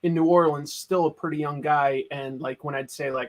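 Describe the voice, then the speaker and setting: A man's voice: fairly high pitch, fairly even intonation, moderate pace. A middle-aged man from Boston, a guest in a casual chat, talking eagerly with lots of likes and restarts. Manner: chatty and enthusiastic, full of likes and restarts.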